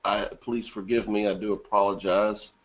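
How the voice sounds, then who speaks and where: A man's voice: fairly low pitch, flat delivery, moderate pace, highs cut off. A man with a bad cough hosting a live webinar in a casual way, greeting viewers by name from the chat and laughing often. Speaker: webinar host.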